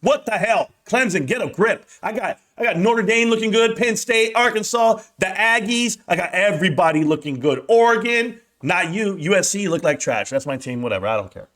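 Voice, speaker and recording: Man, high voice, young, brash, trash-talking, off-the-cuff sports rant. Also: animated, moderate pace, few pauses, a bit bright. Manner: brash, trash-talking, addresses viewers as guys and bro. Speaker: sports vlogger.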